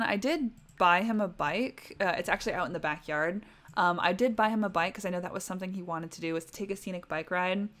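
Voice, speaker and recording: A woman's voice: fairly low pitch, fairly bright tone. Young woman, livestream host, chatty gameplay commentary, keeps talking to her game characters. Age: young adult.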